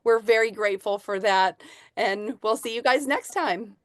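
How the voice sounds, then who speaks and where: A woman's voice: fairly high pitch, moderate pace, no room sound. Grateful woman host, dry close sound. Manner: warm, grateful. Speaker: host closing the call.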